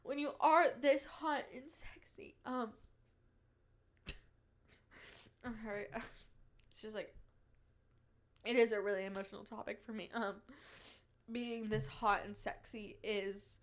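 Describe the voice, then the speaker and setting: A woman's voice: fairly high pitch, a little slow, long pauses. A young woman hosting a podcast in casual chat, playful and giggly, bragging in a mock-dramatic way. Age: young adult. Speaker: podcast host.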